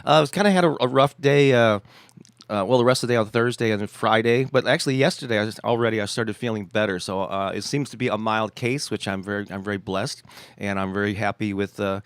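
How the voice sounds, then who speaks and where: A man hosting a casual live stream, slightly nasal with a scratchy, congested throat, talking in a halting way with many restarts and chuckles. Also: fairly low pitch, smooth, no room sound. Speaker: host.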